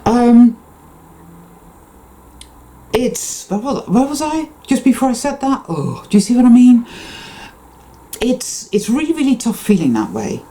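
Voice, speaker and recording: A woman's voice: fairly high pitch, sing-song, unhurried, pauses often, warm tone, low-quality recording. A woman giving an impassioned, unscripted spiritual monologue to her viewers, swearing freely and often stopping and restarting her sentences. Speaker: spiritual vlogger.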